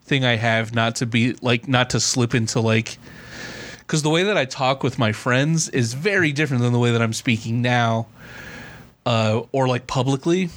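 Young male podcast host, General American with a Southern California touch, mid-pitched, rambling and laughing. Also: moderate pace. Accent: General American with a Southern California lilt. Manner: rambling, laughs often, heavy use of "like". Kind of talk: casual chat.

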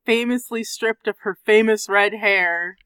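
A podcast co-host in casual film-discussion chat, giggling a lot and making short, quick asides. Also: mid-range voice, steady tone, sharp tone, clean tone, dry recording.

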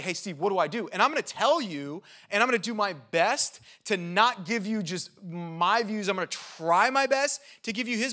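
A man preaching a sermon in a conversational, energetic way, often checking in with his listeners. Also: sits high. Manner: conversational, checks in with "okay?" and "right?"; energetic and animated, with quick asides. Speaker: pastor.

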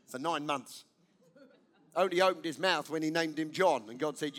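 A man with a notably high voice preaches a sermon from the pulpit. He speaks with emphasis, says his key lines twice and turns to the congregation with direct questions. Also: unhurried, long pauses, a bit bright. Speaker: pastor.

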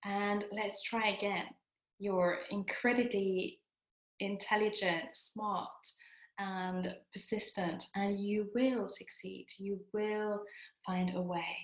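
A woman voicing her gentle, encouraging inner CEO, speaking softly and reassuringly. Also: medium pitch, level tone, takes it slowly. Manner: soft, soothing, reassuring. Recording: echoey room.

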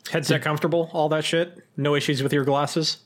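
A man's voice: a little high, level tone, fairly quick. A man co-hosting a podcast, asking one curious question after another. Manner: curious, asks many questions. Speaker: podcast co-host. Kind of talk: casual chat.

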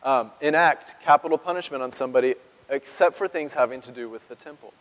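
A man with a mid-range voice preaches a sermon as a pastor in a church sanctuary, speaking fast and conversationally while putting questions to his congregation. His tone is a bit bright, and the sound carries the feel of a big room.

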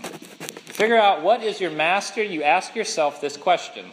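A male pastor preaching with a lively, swooping pitch and a fairly high voice. He presses his points and asks his listeners questions. The sound carries a long hall reverb with a faint hum of room noise. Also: moderate pace. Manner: emphatic, asks the congregation questions. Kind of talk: sermon.

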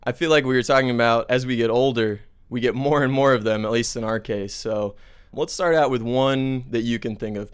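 A man from the United States co-hosting a podcast, talking in a relaxed, conversational way and explaining things plainly. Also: medium pitch. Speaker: podcast co-host. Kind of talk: casual chat. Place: Santiago, Chile.

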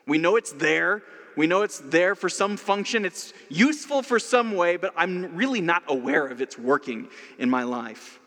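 A man's voice: sits high, lively intonation, normal speed, a bit bright, in a large hall. A man preaching a sermon in a conversational way, with casual asides. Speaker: pastor.

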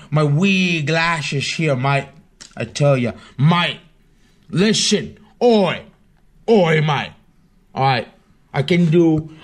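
A man's voice: on the high side, pitched below the performer's own voice. A man voicing a crude, boastful British bloke in a put-on British accent, rowdy and tacking "mate" onto every line. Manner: rowdy, keeps adding "mate" and "oi".

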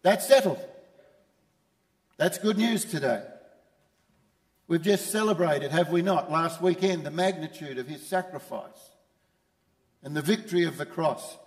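A man's voice: fairly high pitch, unhurried, pauses often, in a large hall. A man preaching a sermon as pastor, emphatic and repeating his key phrases. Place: church.

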